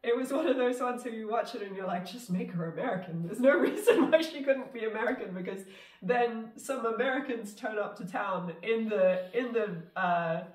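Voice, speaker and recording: A woman's voice: fairly high pitch, normal speed. Chatty, laughing woman guest, echoey. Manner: chatty, laughs often, trails off with fillers. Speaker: film director, guest. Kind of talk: casual conversational interview. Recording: roomy sound from a distant mic.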